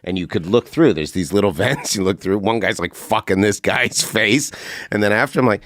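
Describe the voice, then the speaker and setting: A man's voice: on the low side, normal speed, no room sound. A man, a podcast guest, telling stories casually and acting out the lines of the people in them. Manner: animated, acts out quotes in changing voices. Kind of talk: casual storytelling.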